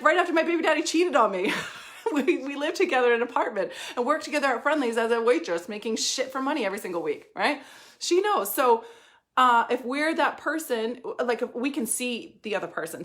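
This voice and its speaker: A woman in her thirties talks straight to her followers as a life and money coach. Her voice sits a little high. She is emphatic, swears freely and breaks into laughter now and then. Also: fairly bright tone. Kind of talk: casual motivational monologue.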